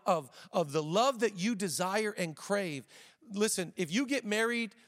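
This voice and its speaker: A man in his thirties preaching a sermon as a pastor, energetic, slowing down to stress key lines and tossing in joking asides. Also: high voice, long reverb tail. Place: church auditorium.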